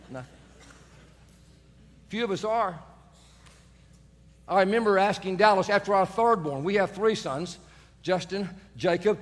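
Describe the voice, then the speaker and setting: Middle-aged male pastor, humorous storyteller, high voice, big reverberant church. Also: a bit bright. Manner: humorous storytelling, self-mocking. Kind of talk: sermon. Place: church sanctuary.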